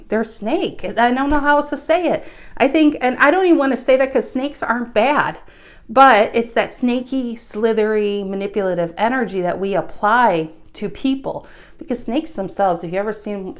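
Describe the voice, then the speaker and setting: A woman giving a casual tarot reading, chatty, with frequent restarts and a slightly breathless delivery. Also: mid-range voice. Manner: chatty, restarts often, animated bursts. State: a bit out of breath. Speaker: tarot reader.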